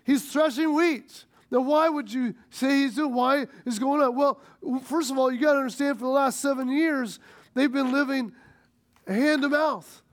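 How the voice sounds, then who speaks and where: A man's voice: extremely high pitch, normal speed. A middle-aged man from the United States preaching a sermon, retelling a story and acting out its dialogue, with frequent restarts. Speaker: pastor.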